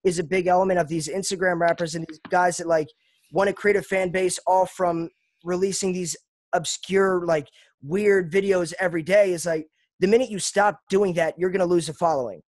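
A man's voice: sits high, fairly even intonation, moderate pace, no echo. A man from Pennsylvania, a rapper interviewed as a guest, talking in an earnest, reflective and self-deprecating way. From Lancaster, Pennsylvania. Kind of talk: casual interview chat.

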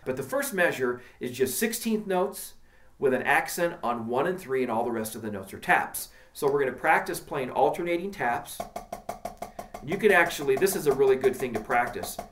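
A man's voice: medium pitch, lively intonation, normal speed, fairly bright tone, soft background music. A man teaching a drum lesson, coaching emphatically and counting out patterns as he demonstrates. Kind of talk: instructional lesson.

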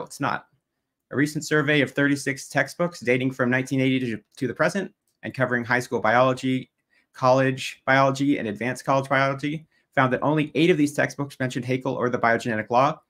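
A man's voice: mid-range voice, a bit bright. Methodical man reading debate slides. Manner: methodical, reads prepared points, pointed jabs. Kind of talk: debate opening statement read from slides.

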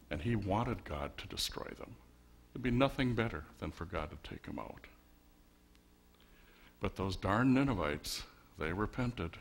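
Wry, conversational pastor with a low voice. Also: male voice. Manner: conversational and wry, with rhetorical questions. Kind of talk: sermon. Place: church sanctuary.

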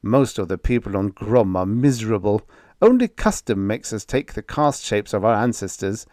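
A man's voice: fairly low pitch, expressive, normal speed, a little mellow, no echo, clean studio sound, lightly acted. A man voicing a carefree male alien shapeshifter in the form of a dog, easygoing and cheerful.

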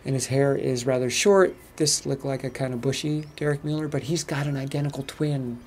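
An American man talking casually to camera as a travel vlogger, chatty and relaxed. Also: mid-range voice, brisk, a little hiss or hum. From United States. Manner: relaxed, chatty storytelling with laughs. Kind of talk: casual vlog commentary.

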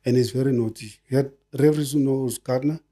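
Husky older South African man. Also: medium pitch, fast. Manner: animated, repeats words in bursts, keeps asking "you understand?". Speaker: former footballer, guest. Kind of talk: casual storytelling interview.

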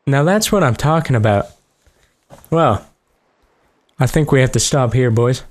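A man's voice: medium pitch, animated, unhurried. A man giving joking, profane let's play commentary as host of a gaming video. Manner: joking, profane, reacting aloud.

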